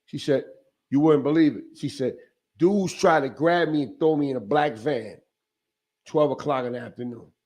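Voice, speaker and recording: A man telling a story in a casual podcast chat, animated and streetwise, with salty language. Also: mid-range voice, moderate pace, highs cut off. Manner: animated, profane, streetwise, acts out quotes.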